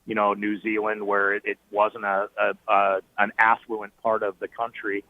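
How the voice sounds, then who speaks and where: A man with a fairly low voice calls in over a thin, tinny phone line. He is a team broadcaster spinning animated stories on a sports talk show, full of fillers and restarts. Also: moderate pace, a little hiss or hum. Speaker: team play-by-play broadcaster, guest. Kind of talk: sports talk radio interview. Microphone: phoning in.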